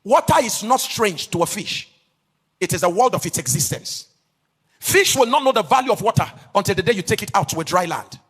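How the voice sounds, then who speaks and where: A man's voice: high voice, expressive, a bit bright, husky, long reverb tail. A man preaching a teaching sermon to a live audience in a sing-song cadence, stretching key words and asking the audience questions. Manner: asks the audience questions and pauses for answers. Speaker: pastor.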